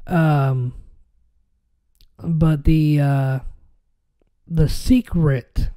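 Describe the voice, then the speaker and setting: A stuffy-nosed man hosts a podcast in loose casual chat. His voice sits a bit high yet very dark and mellow in tone. He rambles, halts, and restarts through a stream of fillers. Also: fairly even intonation, drawn-out words. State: stuffy nose. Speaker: podcast host.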